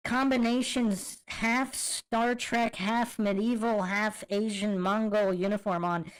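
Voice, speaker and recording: A woman hosts a casual podcast, reacting to video clips and reading out viewer comments. Her voice sits fairly high and swoops all over as she talks, and she sounds amused and incredulous. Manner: amused, incredulous, laughs often. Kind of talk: casual commentary with chat readouts.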